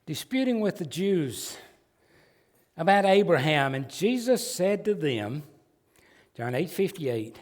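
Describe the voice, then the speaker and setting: A man's voice: on the high side, sing-song, slow, long pauses. A man with a Southern American accent preaching a sermon as pastor, folksy and emphatic with joking asides. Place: church sanctuary. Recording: long church hall reverb.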